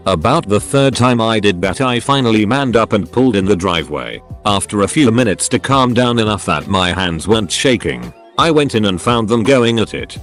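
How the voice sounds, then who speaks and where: A man narrating first-person stories in a dry, conversational scripted voiceover. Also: lowish voice. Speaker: story narrator.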